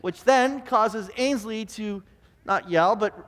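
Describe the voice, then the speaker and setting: A man's voice: high-pitched, takes it slowly. Man, pastor, sermon, stammering repeats, echoing sanctuary. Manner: animated storyteller who stammers and repeats words. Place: church sanctuary.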